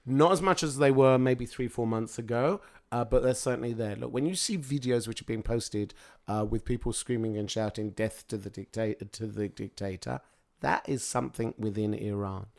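Chatty male guest telling lively stories. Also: medium pitch, normal speed, vocal fry. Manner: lively anecdotal storytelling with frequent fillers. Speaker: guest speaker. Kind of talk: casual interview chat.

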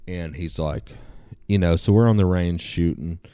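A man telling stories as a guest in a casual podcast conversation, profane and animated. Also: sits low, normal speed, clear, resonant tone, no echo, clean studio sound.

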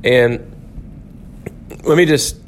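A man's voice: mid-range voice, drawn-out words, slight background noise. A man teaching an informal Bible lecture at a church, talking conversationally and correcting himself often, with many "um"s and "okay?"s.

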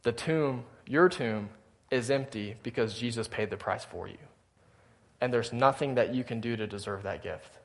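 A man's voice: medium pitch, moderate pace. A male pastor preaching a sermon in a church, earnestly speaking to his congregation and reading scripture aloud. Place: church sanctuary.

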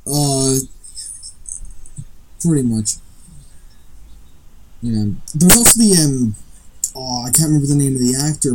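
A man's voice: mid-range voice, rough recording. A man co-hosting a casual film podcast, chatty, laughing easily and trailing off mid-thought. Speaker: podcast co-host.

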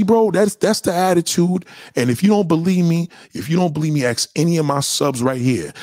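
A man's voice: a little high, darkish tone, no room sound, studio quality. A young adult man hosting a livestream, answering chat questions in a heated, repetitive, slangy, profane rant.

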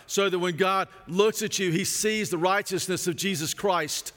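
A man's voice: sits high, a bit bright. Middle-aged man preaching in a reverberant hall. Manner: earnest, repeats phrases for emphasis, slows on key lines. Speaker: pastor. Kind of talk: sermon.

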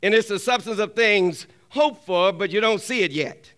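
A man's voice: high-pitched, normal speed, pushed and bright. A man preaching a sermon with emphatic call-and-response, often asking the congregation for an amen and repeating key lines for emphasis.

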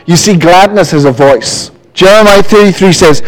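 Pastor, male, high voice, animated storytelling sermon. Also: moderate pace, hardly any pauses, poor audio. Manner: lively, animated preaching with storytelling.

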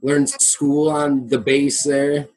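A man's voice: on the high side, flat delivery, slow, a little mellow, poor audio. A man in a band, talking loosely and swearing as he laughs through a video call interview. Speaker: band member, bass player. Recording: video call audio, choppy at times.

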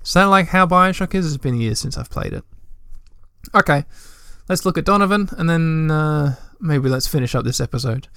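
A man's voice: a little high, normal speed, fairly bright tone, clean tone, no room sound, studio quality. A young man reading a text adventure aloud in a let's play, with chatty, joking asides.

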